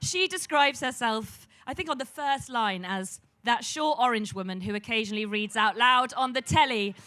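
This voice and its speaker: A woman's voice: on the high side, moderate pace. A woman interviewing a guest on a festival stage, asking her questions into a stage microphone. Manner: warm-up compliments then steady questions. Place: festival stage before an audience.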